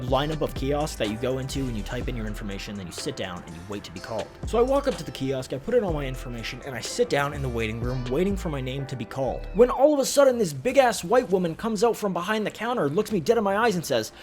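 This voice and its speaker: A young man from Canada telling a profane, rambling comedic story over gameplay. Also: a little high. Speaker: gaming channel host. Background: faint background music.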